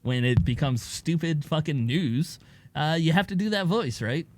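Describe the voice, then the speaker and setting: A man's voice: a little high, lively intonation, moderate pace. A man in his thirties co-hosting a comedy podcast, reading news stories aloud and cracking crude jokes. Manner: reads news stories aloud with joking asides. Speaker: podcast co-host.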